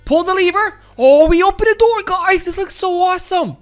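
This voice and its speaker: A woman with a very high, piping voice gives excitable let's-play commentary for kids at normal speed, often shouting and addressing her viewers directly. Faint game music plays softly behind her.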